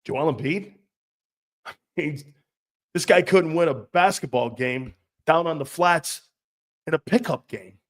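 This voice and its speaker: A man's voice: on the high side, a little slow, long pauses. A man hosting sports talk radio, ranting in a brash, profane way and laughing between his jabs. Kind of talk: opinionated sports radio rant.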